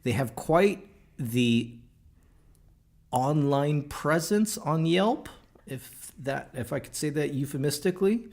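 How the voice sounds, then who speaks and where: Joking, animated male podcast host. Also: a little high, slow, gravelly. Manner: animated, jokey, frequent restarts and fillers. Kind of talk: casual podcast chat.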